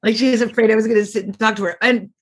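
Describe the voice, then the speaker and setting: Racing along in a fairly high voice with a breathy edge and a steady tone, a middle-aged woman comedian is interviewed as a guest. She rambles through casual anecdotes, acting out the people she quotes.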